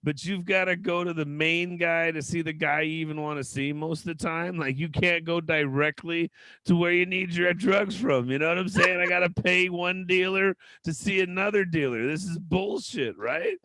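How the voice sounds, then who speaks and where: A brash man in his thirties hosts a stand-up show in a high, gravelly voice that often breaks into shouting. His tone is bright and sharp, and the sound is dry and close. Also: normal speed, no room sound. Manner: loud, brash, swearing storytelling. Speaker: comedy show host. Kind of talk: stand-up comedy hosting.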